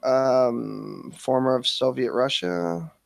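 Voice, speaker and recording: A man's voice: medium pitch, takes it slowly, creaky, no echo. A man hosting a casual livestream chat, crude and self-mocking, swearing constantly. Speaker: livestream host.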